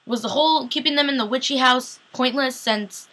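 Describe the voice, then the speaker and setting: A young woman recapping a TV episode in a casual, chatty and excitable way, saying "like" a lot. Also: high-pitched, moderate pace. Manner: chatty and excitable, heavy use of "like". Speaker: TV recap vlogger.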